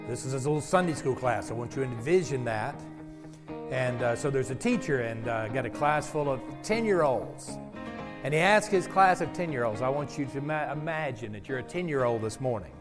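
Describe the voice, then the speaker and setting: A man preaching a sermon to a congregation, telling jokes and stories in an animated way, drawing out words and raising his voice for emphasis. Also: medium pitch, fairly quick, music in the background. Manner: animated storyteller, gets loud and drawn out for emphasis. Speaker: pastor. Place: church sanctuary with congregation. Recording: long hall reverb.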